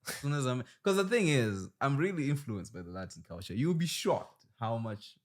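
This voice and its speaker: A man's voice: medium pitch, very animated, normal speed. A man hosting a casual podcast interview, joking around loosely and swearing. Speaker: podcast host.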